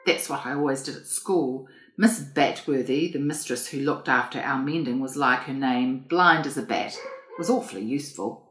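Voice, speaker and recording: A woman's voice: a bass voice, normal speed, a little hiss or hum. A woman reading an audiobook, voicing a frank, awkward young woman who speaks bluntly. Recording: roomy echo.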